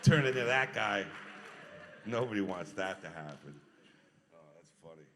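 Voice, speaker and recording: A middle-aged man, a voice actor, telling stories at a convention panel Q&A, animated and quick to laugh. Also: fairly low pitch, background noise. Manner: animated storyteller, acts out quotes, laughs often. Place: large convention hall. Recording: reverberant convention hall.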